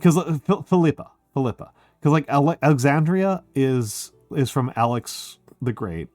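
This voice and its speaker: A man chatting casually on a stream, excitable and swearing, full of filler words. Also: medium pitch, moderate pace, no room sound, faint music behind. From United States. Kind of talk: casual chat.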